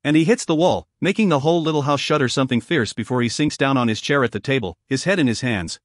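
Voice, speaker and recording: A man narrating a first-person fantasy audiobook with expressive storytelling. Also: medium pitch, fast, no echo, studio quality.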